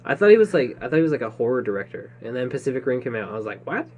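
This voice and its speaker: A young man co-hosting a podcast, chatty and quick to laugh about movies. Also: medium pitch, very animated, a little mellow, highs cut off. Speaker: podcast co-host. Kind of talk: casual chat.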